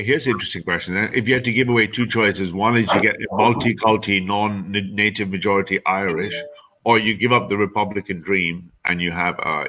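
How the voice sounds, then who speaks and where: A man hosts a live-stream panel with a very low voice and a bright, forceful edge. He is provocative and laughs between his questions. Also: poor audio. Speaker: host.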